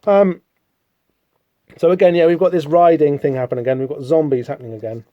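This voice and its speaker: A man's voice: a little high, steady tone, a little fast, dull audio. A man hosting a casual solo podcast, rambling through a comic book with self-deprecating, apologetic asides. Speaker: podcast host.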